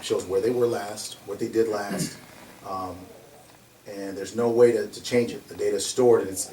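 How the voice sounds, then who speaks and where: A man who runs a security company, telling stories in an animated way and laughing often as he talks. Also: lowish voice. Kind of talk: conversational storytelling. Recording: roomy, distant mic, faint noise.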